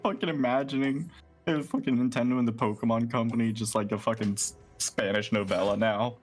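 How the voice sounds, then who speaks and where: A man hosting a casual gaming stream, talking in an animated, rambling, profane way. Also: medium pitch, fairly quick, faint music behind. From United States. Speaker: streamer host.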